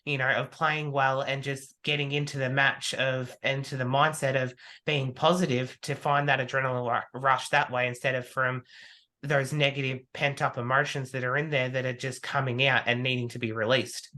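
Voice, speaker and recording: A man, a podcast guest, talking casually and telling animated stories in which he acts out his own remarks. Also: medium pitch, normal speed. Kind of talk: casual conversation.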